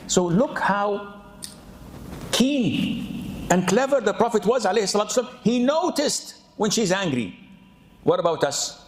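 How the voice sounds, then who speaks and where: A man preaching an animated, humorous sermon, often acting out the people he quotes. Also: high-pitched, moderate pace, pauses often, a little hiss or hum. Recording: echoey room.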